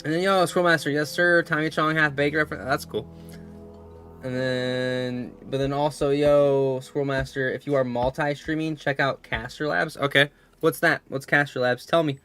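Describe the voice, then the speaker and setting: A man chatting on a live game stream, his voice bright and forward. He rambles through stories, swearing freely and reading out viewers' messages as he goes, over a faint wash of game music. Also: fairly high pitch, fairly even intonation, normal speed. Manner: swears freely, rambling storytelling, reads chat aloud. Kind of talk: casual live-stream chat.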